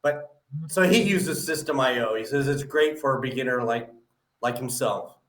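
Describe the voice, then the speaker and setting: A man's voice: mid-range voice, normal speed. Echoey-sounding man hosting a live podcast. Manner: friendly, asks follow-up questions, many "uh" fillers. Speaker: podcast host.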